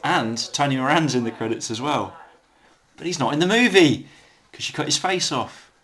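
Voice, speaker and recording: A man's voice: on the high side, animated, moderate pace, fairly bright tone. A man co-hosting a casual film commentary, chatty, swearing freely and laughing at his own anecdotes.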